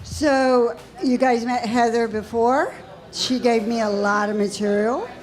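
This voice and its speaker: A woman's voice: on the high side, a little slow, faint music behind. Chatty middle-aged mother telling stories on stage. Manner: chatty, acts out family dialogue. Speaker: guest comedian, mother of a comic. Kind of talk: stand-up storytelling. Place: comedy club stage. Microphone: handheld mic.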